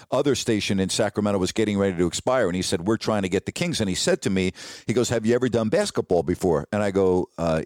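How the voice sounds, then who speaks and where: A middle-aged man, a sportscaster, telling stories from his career in an animated, anecdotal way. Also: on the low side, no echo, clean studio sound. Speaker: sportscaster guest. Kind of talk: casual storytelling on a podcast.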